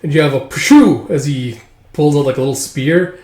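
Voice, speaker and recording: A man casually reading through a manga aloud, excitable and animated, acting out the lines. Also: a little high, moderate pace, reverberant. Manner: excitable, laughs often, acts out lines. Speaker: comic reader and commentator.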